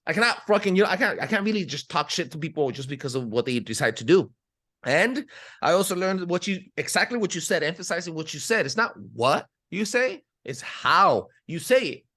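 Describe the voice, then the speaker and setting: A man from California speaks quickly and emphatically in a casual podcast chat. His voice sits a little high, and he fills his talk with profanity and acted-out bits of stories. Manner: profane, emphatic, animated storytelling. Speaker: podcast host.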